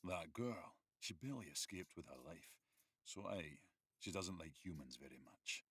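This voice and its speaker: Wolf warrior, very deep, husky, wry, calm, audiobook, dry studio sound. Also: male voice, normal speed, dry recording, heavily acted. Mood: grave. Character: teasing male wolf warrior, gruff and protective. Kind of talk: audiobook character voice.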